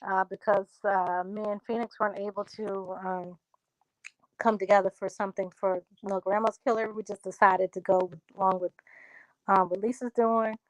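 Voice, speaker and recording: A relaxed woman hosts a casual livestream, speaking directly to viewers as she reads their comments and answers them, sometimes easing into a laid-back country drawl. She has a medium pitch and normal pace, and the audio is poor with no echo.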